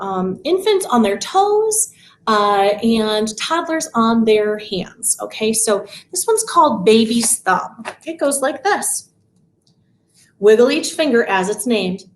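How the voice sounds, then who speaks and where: A woman music teacher leading a live parent-child class, chanting nursery rhymes slowly in a sing-song way with rising inflection. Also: fairly high pitch. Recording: echoey room.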